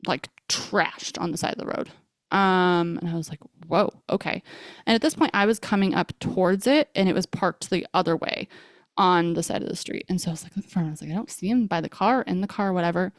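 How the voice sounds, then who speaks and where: A woman's voice: mid-range voice, no room sound, studio quality. A young woman hosting a podcast, telling a personal story in a chatty way, full of fillers and quoted dialogue. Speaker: podcast host.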